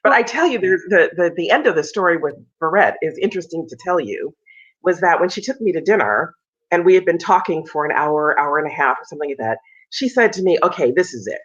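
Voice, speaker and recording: Animated woman on a muffled video call. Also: on the low side, quick pace. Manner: animated storyteller, acts out quoted voices. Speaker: opera singer, interview guest. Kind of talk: casual interview storytelling.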